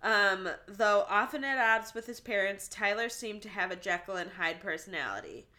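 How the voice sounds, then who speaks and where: A woman's voice: mid-range voice, expressive, moderate pace, pushed and bright. A woman co-hosting a casual true-crime podcast, reading out case notes and joking and laughing between the facts. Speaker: podcast co-host.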